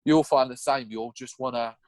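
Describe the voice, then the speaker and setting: A young man telling his story in a casual podcast chat, animated and swearing now and then, acting out what he said back then. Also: mid-range voice, moderate pace, no room sound. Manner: animated, acts out his own past lines in a raised voice. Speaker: podcast guest.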